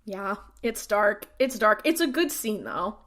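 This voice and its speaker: A woman's voice: medium pitch, sing-song, measured pace, fairly bright tone. A woman co-hosting a podcast, chatting casually and retelling scenes with lots of fillers. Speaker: podcast co-host. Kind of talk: casual recap chat.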